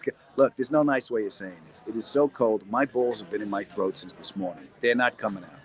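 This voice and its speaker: The same kind of live-stream: a middle-aged comedian and actor in a cold indoor cellar corner, joking around and answering viewers. His voice is on the low side and brisk, with hardly any pauses, over poor audio.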